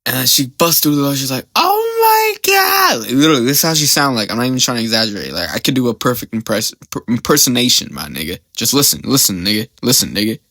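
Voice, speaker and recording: A man's voice: mid-range voice, fast, hardly any pauses, sharp tone, dry recording. A young man hosting a podcast, telling a story in a rambling, slang-heavy way and often getting sidetracked. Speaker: podcast host.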